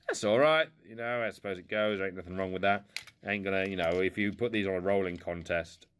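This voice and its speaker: A man's voice: deep voice, fairly quick, a bit bright, a little hiss or hum. A man casually rambling through an unboxing of old toy cars at home, self-mocking and playful. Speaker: toy car collector unboxing. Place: indoors at home.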